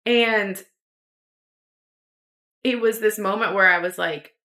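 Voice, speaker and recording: Rambling young woman, bright voice. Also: medium pitch, slow. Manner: rambling, filler-heavy, lots of "like". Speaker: podcast host. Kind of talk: personal storytelling.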